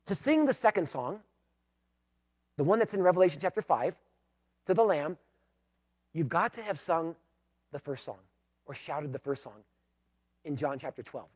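A pastor preaching a sermon, emphatic, moving between loud declarations and hushed, pleading passages. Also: male voice, a little high, animated, normal speed, pauses often.

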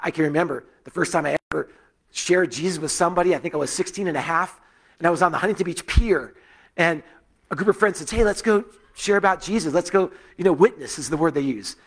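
A man's voice: fairly high pitch, slightly rough. A middle-aged man giving a sermon as a pastor, telling personal stories in a loose, conversational way with frequent fillers and restarts.

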